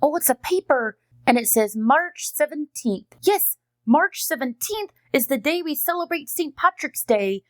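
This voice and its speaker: A woman's voice: high voice, dry recording. A woman voicing a cheerful friendly female dog who hosts a kids' educational unboxing video, chatty, sweet and teacherly.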